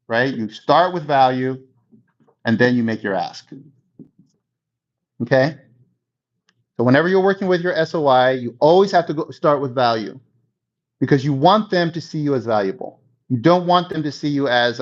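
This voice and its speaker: A man's voice: mid-range voice, lively intonation, moderate pace, pauses often. Man coaching in a dull lo-fi recording. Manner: conversational, checks in with 'okay?' and 'right?'. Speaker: real estate coach. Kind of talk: coaching talk.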